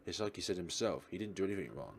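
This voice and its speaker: A man's voice: low-pitched, animated, very fast, slight background noise. A man hosting a let's play, reading a visual novel's narration and lines aloud with expression.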